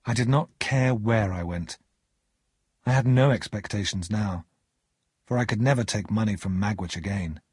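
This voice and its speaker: A man reading a story aloud as narrator, measured and expressive. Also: lowish voice, breathy edge, no echo, studio quality.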